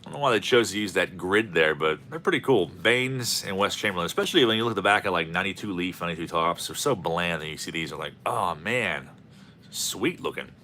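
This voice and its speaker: A man hosts a card-opening channel, commenting casually while opening packs in a low, sharp voice that's fast and has few pauses. He rambles and jokes as he calls out player names, with a little hiss or hum in the recording.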